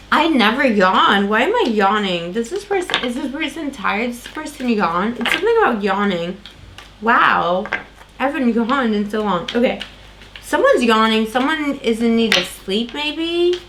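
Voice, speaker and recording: A woman's voice: on the high side, background noise. A woman doing a casual tarot reading, talking in a loose, rambling way with lots of fillers and restarts. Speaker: tarot reader.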